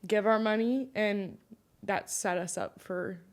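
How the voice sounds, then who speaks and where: A woman's voice: mid-range voice, a little slow. A young woman co-hosting a casual podcast, speaking in a reflective, sweet way. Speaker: podcast co-host.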